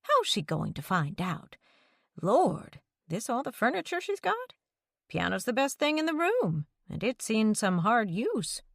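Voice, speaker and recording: A woman's voice: a little high, wildly swooping pitch, measured pace, gravelly, a bit bright, no room sound, clean studio sound, pitched above the performer's own voice, full character voice. A woman voicing a stubborn, meddling older mother who scolds her grown son about the town's gossip. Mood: nosy. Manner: scolding, nosy, disapproving.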